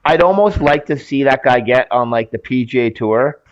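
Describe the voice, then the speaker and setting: A man co-hosting a podcast in casual chat, chatty with quick jokes and frequent "like". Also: medium pitch, expressive, no echo, dull audio. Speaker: podcast co-host.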